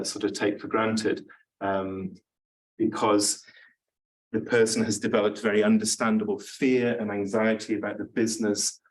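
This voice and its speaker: A man with a lowish voice gives a lecture in a relaxed, informal way. He fills his sentences with ums and false starts. He sounds slightly distant from the microphone. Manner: informal, self-deprecating, with many fillers and restarts. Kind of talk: academic talk to an audience.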